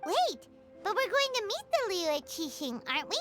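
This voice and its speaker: An actress voicing a tiny, bubbly floating fairy-like companion in a video game, over loud game music. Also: female voice, very animated, normal speed. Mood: excited. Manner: squeaky, bubbly, eager.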